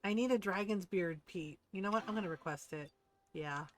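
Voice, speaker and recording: While gaming on a livestream, a woman with a brisk, medium-pitched voice tells a casual story peppered with "like" and offhand swearing. She voices her friends' lines in an excited way.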